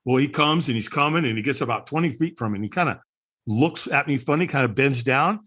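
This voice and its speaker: A man who is a podcast guest tells a story with lots of energy, acting out the people he quotes. His voice is medium-pitched and fairly bright, and he speaks animatedly at a quick pace.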